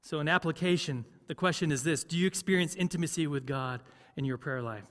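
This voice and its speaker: Man preaching, slightly high voice, chatty, asks the room questions, long church echo. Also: fairly quick, fairly bright tone. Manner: conversational, asks the congregation questions. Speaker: pastor. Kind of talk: sermon.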